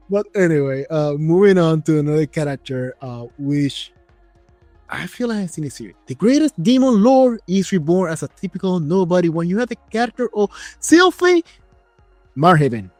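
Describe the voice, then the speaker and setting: Male host, fairly high voice, casual and joking, dry sound, faint music under. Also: very animated, normal speed, darkish tone, dry recording. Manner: conversational, joking, laughs at his own stories. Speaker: interview host. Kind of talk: casual interview chat.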